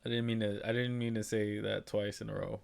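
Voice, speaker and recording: A man's voice: on the low side, little pitch movement, brisk, vocal fry, a crowd in the background. A man giving casual, jokey, slangy commentary.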